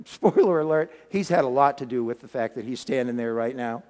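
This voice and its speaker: A man preaching a sermon, retelling a story in a lively way with folksy, humorous asides. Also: mid-range voice, a little fast, big-room sound.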